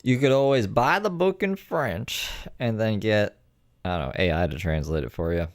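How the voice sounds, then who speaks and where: A man's voice: on the low side, animated, moderate pace, no echo, clean studio sound. A man streaming and reacting to other streams, laid-back and joking, swearing casually. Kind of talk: casual live-stream chat.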